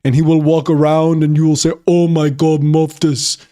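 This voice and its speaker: A man putting on a mock Austrian accent to voice a huge, deep-voiced bodybuilder who talks slowly in broken grammar. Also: little pitch movement, dark tone, natural voice. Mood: boasting. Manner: slow, booming, broken grammar.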